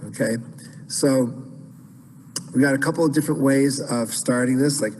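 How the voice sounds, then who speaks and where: Casual chant teacher with long echo. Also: male voice, medium pitch, fairly even intonation, normal speed, pauses often, darkish tone, slight background noise. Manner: casual, chatty explanations full of fillers and restarts. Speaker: instructor of Byzantine chant. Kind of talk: online class teaching with sung examples.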